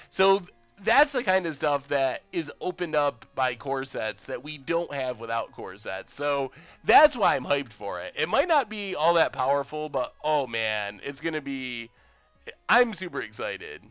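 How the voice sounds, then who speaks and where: Excitable young man streaming a card game. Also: fairly high pitch, measured pace, clean tone, no echo. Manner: excitable, chatty, reads chat aloud. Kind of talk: casual game stream commentary.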